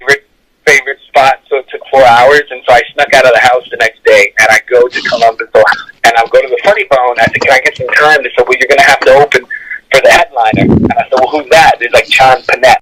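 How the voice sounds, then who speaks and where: A male comedian telling stories in an interview, energetic and animated, often laughing as he talks. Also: mid-range voice, poor audio. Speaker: comedian guest. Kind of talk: animated storytelling.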